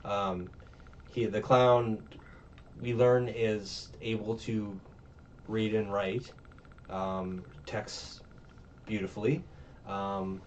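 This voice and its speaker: Casual male podcaster, low voice, rambles through a movie recap, recorded off-mic and muffled. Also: little pitch movement, very slow, pauses often. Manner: rambling, full of ums and uhs, acts out lines. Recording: distant, muffled mic with faint noise.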